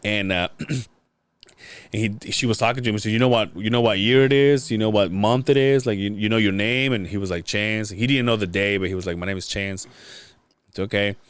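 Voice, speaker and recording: A man with a lowish voice tells a story in casual podcast chat, often stopping and starting over. The sound is dry and close, with no room around it. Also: a little fast, smooth, dry recording. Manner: rambling storytelling with many restarts. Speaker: podcast host.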